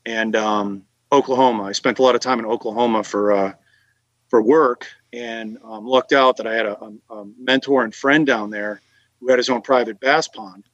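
A man's voice: medium pitch, fairly even intonation, moderate pace, a bit bright, no echo, dull audio. A man from Massachusetts telling long fishing anecdotes in a casual chat, with lots of fillers and restarts. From Massachusetts, USA. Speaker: guest telling fishing stories. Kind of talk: casual conversational storytelling.

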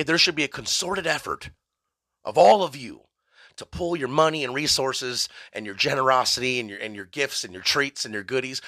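A male podcast host delivering a rambling, mock-ranting comedic monologue, profane and deadpan absurd. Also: medium pitch, dry recording, studio quality.

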